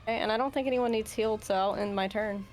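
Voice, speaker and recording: A woman's voice: medium pitch, fairly even intonation, fast, darkish tone, faint music behind. A woman playing a tabletop game, a bit unsure, checking the rules aloud before each move. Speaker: player. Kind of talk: casual tabletop game play.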